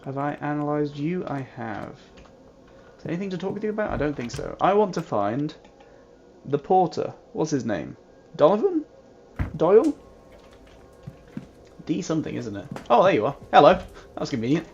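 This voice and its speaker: A man's voice: a little high, animated, a little fast, a little mellow. A man doing let's-play commentary on a mystery game, playful, reading the on-screen text aloud and humming little jingles. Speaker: gamer playing a mystery game. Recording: dull lo-fi with faint hiss.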